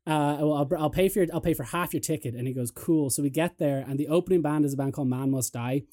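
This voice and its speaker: A man hosting a podcast in casual chat, telling stories in a lively way and mimicking other people's voices. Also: a little high, fast. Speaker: podcast host.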